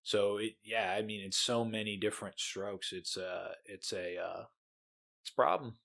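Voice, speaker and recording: A man's voice: lowish voice, fairly even intonation, normal speed, vocal fry, a bit bright. A man co-hosting a podcast, chatting casually about a book, laid-back and hesitant, often searching for words. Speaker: podcast co-host.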